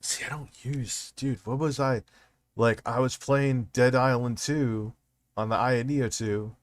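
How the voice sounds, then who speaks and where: Steady and mid-range, this livestream host talks a little slowly in a casual, profanity-heavy ramble. He often starts sentences over or lets them trail away.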